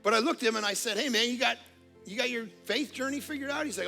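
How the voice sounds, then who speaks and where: A middle-aged man preaching a sermon as pastor, telling jokey family stories and swinging from quiet asides to near-shouting. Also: extremely high pitch, animated, fast, creaky, soft background music. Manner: casual, joking storyteller. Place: church auditorium.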